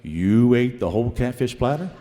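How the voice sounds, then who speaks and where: A man's voice: mid-range voice, expressive, normal speed, mellow, long reverb tail, natural voice. A man quoting a curious rural male witness who asks surprised questions, during a live story.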